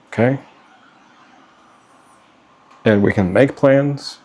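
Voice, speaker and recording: Man, middle-aged, father, low voice, rough gravelly texture, earnest, pleading, direct to camera. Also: unhurried, long pauses, darkish tone. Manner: earnest, pleading, ends lines with "okay?". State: getting hot and worked up. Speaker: father addressing his children. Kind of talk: direct-to-camera personal vlog.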